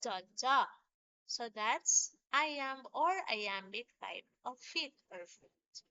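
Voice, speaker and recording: A woman teacher walks through a poetry lesson at an unhurried pace, tapping out rhythms as she explains. Her voice is bright and a little high. The sound is dry and somewhat muffled, with a lo-fi edge. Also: lively intonation, clean tone, no room sound. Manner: slow, patient explaining with sung-out rhythm examples. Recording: dull lo-fi sound.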